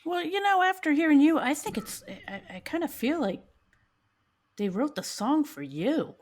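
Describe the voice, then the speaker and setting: A woman co-hosting a podcast, her voice fairly high and lively in its rise and fall. She speaks thoughtfully, hesitating and repeating words as she gathers her point. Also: moderate pace. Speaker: podcast co-host. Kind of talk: casual podcast discussion.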